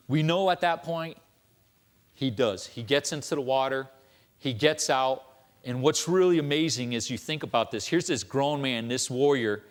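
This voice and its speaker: A man's voice: medium pitch, moderate pace. A man giving a sermon as a church elder, telling stories conversationally and tossing in rhetorical questions.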